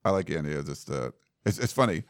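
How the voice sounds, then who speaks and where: A man's voice: rumbling low, animated, fast, vocal fry, dry recording, studio quality. A man hosting a casual sports podcast, rambling with lots of likes and ums. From United States. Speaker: podcast host.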